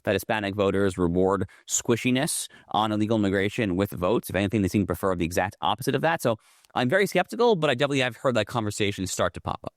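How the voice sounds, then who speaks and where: A man's voice: fairly low pitch, expressive, fast, dry recording, studio quality. A man, a lawyer and guest in a political interview, arguing emphatically and fluently, often repeating words as he builds his point. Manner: emphatic, fluent argument with frequent self-repeats.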